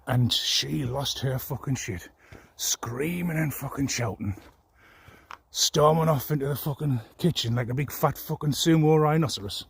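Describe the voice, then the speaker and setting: A man delivers a long, rambling vlog rant, swearing freely and sounding deeply aggrieved. His voice sits in an ordinary middle pitch and has a husky, rough edge. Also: moderate pace. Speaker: vlogger. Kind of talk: angry personal rant.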